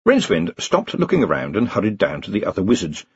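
A low, husky male narrator with a lively, expressive reading. The recording is dry and a little muffled, with a dull, lo-fi tone. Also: quick pace, no echo. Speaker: audiobook narrator. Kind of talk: scripted narration.

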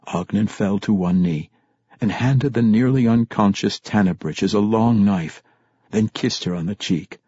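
A man narrating a fantasy audiobook with a dramatic, expressive reading. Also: fairly low pitch, measured pace, slightly rough, dry recording, dull audio.

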